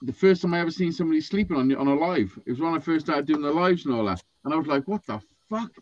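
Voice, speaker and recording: A man's voice: a little high, rapid-fire. A man telling a rambling, sweary story in casual podcast chat, acting out what people said. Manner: sweary, animated, acts out quotes. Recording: dull lo-fi sound.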